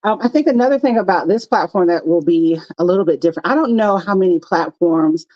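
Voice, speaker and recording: A woman's voice: lowish voice, expressive, fast, no echo, dull audio. A middle-aged woman co-hosting a live chat show, talking in a direct, matter-of-fact way. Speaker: co-host.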